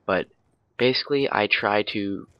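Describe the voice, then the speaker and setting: A man's voice: fairly low pitch, unhurried, clear, resonant tone, muffled recording. A tired young man rambling through casual gameplay commentary, with lots of fillers. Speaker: gaming commentator.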